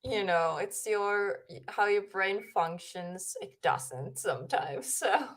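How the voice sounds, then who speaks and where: A woman's voice: medium pitch, takes it slowly. A young woman from Finland chats casually on her livestream from home. She rambles and giggles, talking straight into a desk microphone. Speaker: streamer host.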